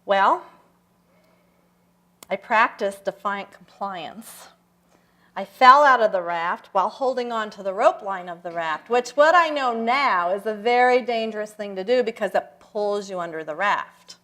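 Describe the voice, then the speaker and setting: An older woman giving a personal talk at a church service, telling stories reflectively with slow, emphatic pauses. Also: medium pitch, expressive, sharp tone. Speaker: guest speaker. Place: church sanctuary.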